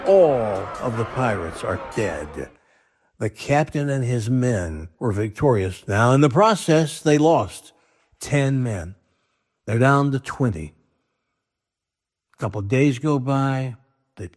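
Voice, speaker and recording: A man in an ordinary middle pitch, hosting his show and telling a long joke. He draws the story out casually, restarting his sentences as he goes. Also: darkish tone. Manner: chatty, drawn-out storytelling with restarts. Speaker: podcast host.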